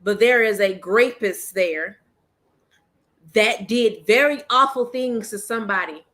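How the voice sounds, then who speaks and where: A woman's voice: mid-range voice, a little slow, fairly bright tone. A woman hosting her own commentary channel, ranting bluntly and emphatically in casual slang and repeating her points.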